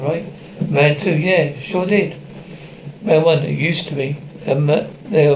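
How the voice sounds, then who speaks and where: A man's voice: a little high, a little mellow, muffled recording, a little hiss or hum. A man reading a horror story aloud, voicing every part and reading the stage directions. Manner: reads stage directions aloud between voices. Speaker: narrator reading a horror story with all parts.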